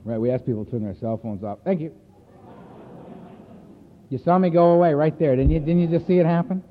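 A man addresses a recovery meeting, telling his story in a blunt, earthy, emphatic way. His voice sits a little high for a man. It rings through a reverberant hall and comes across thin and phone-like. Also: fairly quick, a little hiss or hum. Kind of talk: personal recovery talk to a meeting. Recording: echoey hall over a tinny phone-like line.

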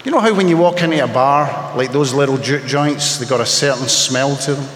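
At a recovery meeting, a man tells his personal story to an audience with wry self-mockery and punchy comic timing. He speaks fairly quickly in a mid-range, slightly bright voice, with an echoey hall, faint ambience, and slight background noise.

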